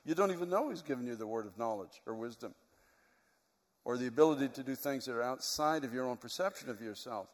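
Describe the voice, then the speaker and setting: Male pastor, middle-aged, earnest sermon storyteller, medium pitch, long reverb of a large hall. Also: expressive, quick pace.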